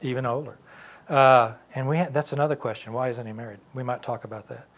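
A man's voice: mid-range voice, fast. A man teaching a Sunday school class in a church classroom, talking conversationally and asking the class questions.

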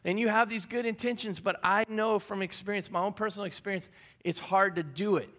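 High-voiced pastor preaching conversationally. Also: male voice, fairly even intonation, a little fast, a bit bright. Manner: conversational, repeats key phrases, light humor. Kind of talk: sermon. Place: church service.

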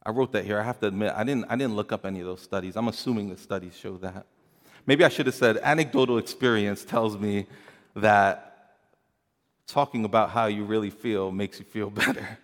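A man preaching a sermon in an earnest way, moving from hushed, quiet passages to rising emphasis and often repeating his words. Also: on the low side, brisk, big-room sound. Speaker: pastor.

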